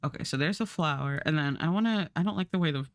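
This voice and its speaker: A woman's voice: deep voice, quick pace, no echo, clean studio sound. A woman streamer chatting casually while she draws, rambling and laughing often. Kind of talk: casual live-stream chat while drawing. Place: home streaming setup.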